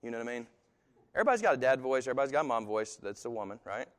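Animated male preacher in a reverberant hall. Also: mid-range voice, rapid-fire. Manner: animated, swinging from soft to loud with voice-acted quotes. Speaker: pastor. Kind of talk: sermon.

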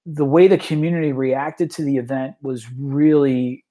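A man talking casually as a podcast guest, rambling with many restarts and fillers, and getting animated as he retells stories. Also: mid-range voice, normal speed. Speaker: tabletop tournament organizer, guest.

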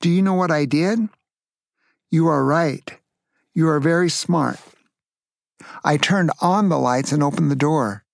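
Gravelly grandpa telling a story. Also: male voice, fairly high pitch, unhurried, pauses often, no echo, studio quality. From Tacoma, Washington, USA. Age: older. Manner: playful, asks the listener questions.

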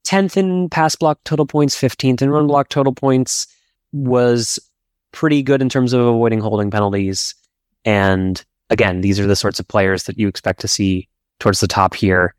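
A man on a football podcast, laying out stats in a measured, matter-of-fact way. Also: mid-range voice, steady tone, no echo. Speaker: stats analyst guest. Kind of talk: casual sports analysis chat.

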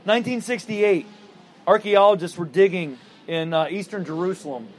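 A male pastor preaching in a relaxed storytelling manner and asking rhetorical questions. His voice sits high for a man. A faint hum runs underneath. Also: moderate pace. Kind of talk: sermon.

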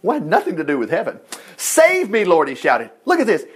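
A man's voice: fairly high pitch, wildly swooping pitch, fast talker, husky. A man preaching an informal sermon in a folksy, conversational way, acting out voices as he teaches. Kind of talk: informal sermon on Bible passages.

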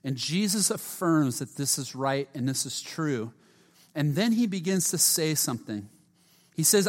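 A man preaching a sermon, earnest, often dropping to a hushed voice, with frequent restarts and repeated words. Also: a little high, lively intonation, moderate pace. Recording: long hall reverb.

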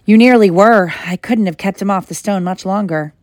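A woman's voice: medium pitch, normal speed, darkish tone, no echo, close to an everyday voice. Woman as anxious young schoolboy wizard, urgent and pleading, dry close read.

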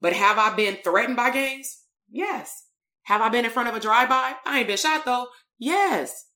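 A woman's voice: on the high side, fairly quick, pushed and bright, roomy sound. A woman, a coach and therapist telling a story in a blunt, emphatic live-streamed motivational talk.

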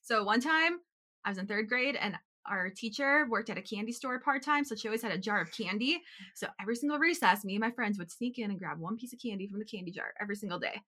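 A young adult woman co-hosting a podcast, telling a quick, chatty story about her school years with frequent giggles. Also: medium pitch, sharp tone. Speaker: podcast co-host. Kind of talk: casual chat, storytelling.

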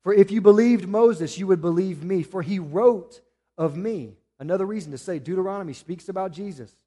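High-voiced preacher. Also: male voice, a little fast. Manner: preaching with rising emphasis, then dropping to quiet appeals. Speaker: pastor. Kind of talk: sermon.

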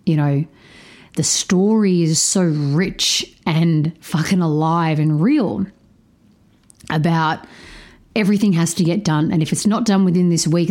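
A woman with a slightly low voice hosts a podcast and tells a personal story with open candour. She swears freely, and her pace keeps shifting between quick and drawn out. She sounds a bit drained of energy. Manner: animated, changes pace often. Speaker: podcast host.

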